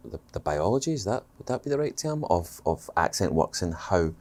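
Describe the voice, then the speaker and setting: A man's voice: low voice, big pitch swings, a little fast, a little mellow. A Scottish man, a guest actor, talking casually in a podcast interview, thoughtful and rambling, with many fillers and restarts. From Scotland.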